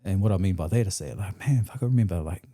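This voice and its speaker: A New Zealand man speaking as a podcast guest, his voice low and dark in tone. He recounts his past candidly, with blunt, slangy, profane phrasing. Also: lively intonation, fast. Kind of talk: candid storytelling in conversation.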